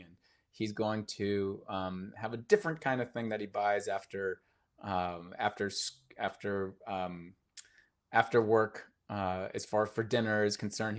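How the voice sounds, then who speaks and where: A man teaching mindfulness on a live stream, telling a story casually with many fillers and restarts, earnest and gently encouraging. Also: lowish voice.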